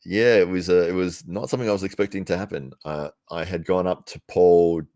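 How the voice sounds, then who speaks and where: Man, very low voice, laid-back stream host: chatty, laughs easily, dry close sound. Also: steady tone, a little fast, dark tone, no room sound. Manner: chatty, laughs often, rambles between tasks. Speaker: live stream commentator. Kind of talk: casual live-stream commentary.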